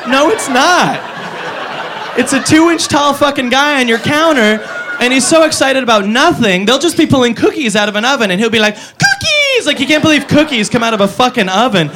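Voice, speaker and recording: A man performing a stand-up comedy routine, animated and jumping into squeaky character voices. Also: fairly quick, a crowd in the background, background noise.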